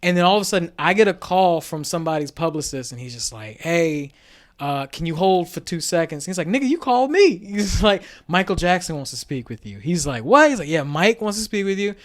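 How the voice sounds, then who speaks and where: High-voiced laughing young man. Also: a little fast. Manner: animated storyteller, laughs often, acts out quotes. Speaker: podcast co-host. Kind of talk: casual chat.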